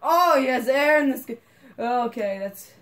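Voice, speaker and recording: A woman doing let's play commentary who giggles often and breaks into excited shouts. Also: sits high, measured pace. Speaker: gamer.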